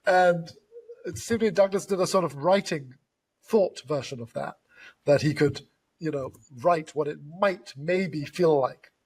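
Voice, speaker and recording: A man interviewing in a relaxed conversation, telling stories with animated enthusiasm. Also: fairly high pitch, unhurried, breathy edge. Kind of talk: reflective conversation.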